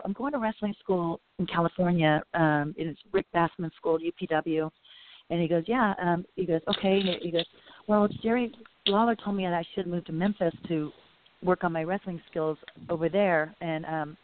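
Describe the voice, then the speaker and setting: A woman's voice: on the low side, moderate pace. Chatty woman telling stories over a tinny line. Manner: chatty, rambling, full of "you know" and quoted dialogue. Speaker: guest. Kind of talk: casual interview storytelling. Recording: phone-like audio.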